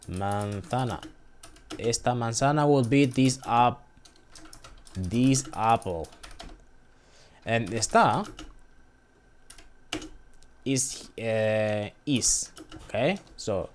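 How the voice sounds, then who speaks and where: Slow, halting man teaching a lesson. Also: medium pitch, a little mellow, slight background noise. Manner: halting, with frequent restarts and repeated drill words. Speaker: language lesson host. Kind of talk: informal language lesson.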